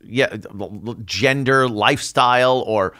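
A man's voice: medium pitch, a little slow, pushed and bright, clean tone. A man guesting on a casual, opinionated chat, talking emphatically with stammering restarts. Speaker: guest, radio host.

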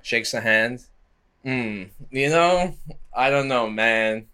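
Bright-voiced man doing casual commentary. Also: mid-range voice, takes it slowly, smooth. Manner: slangy, chatty, animated asides. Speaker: MMA commentary host.

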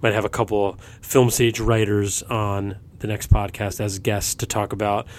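Relaxed man hosting a podcast. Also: fairly low pitch, moderate pace. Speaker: podcast host. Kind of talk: casual podcast chat.

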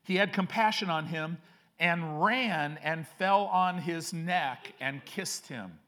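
A man preaching a sermon as pastor, reading scripture aloud with slow, emphatic phrasing. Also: on the high side, bright, forceful tone.

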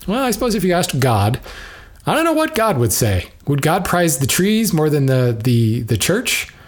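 A man's voice: a little high, huge pitch swings, moderate pace. Musing man thinking aloud. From United States. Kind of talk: casual spoken commentary.

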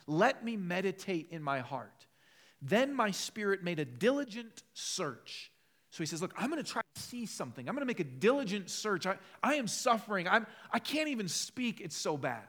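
Male pastor, high-pitched, passionate sermon delivery with big dynamic swings. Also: very animated, normal speed. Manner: passionate, rises to loud emphatic peaks then drops low and conversational.

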